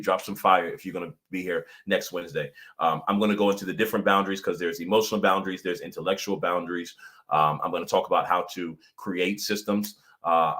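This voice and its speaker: A man hosting a casual motivational livestream as pastor and coach, animated, often laughing and repeating his points for emphasis. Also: sits low.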